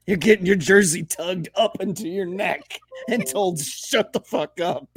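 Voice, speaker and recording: A man's voice: sits high, measured pace. A man co-hosting a casual sports podcast, blunt and profane, often exasperated. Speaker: podcast co-host.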